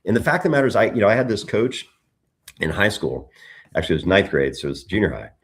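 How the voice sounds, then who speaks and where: Animated middle-aged man telling stories. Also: lowish voice, quick pace. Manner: animated storytelling, frequent restarts. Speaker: political candidate as guest. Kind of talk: conversational interview.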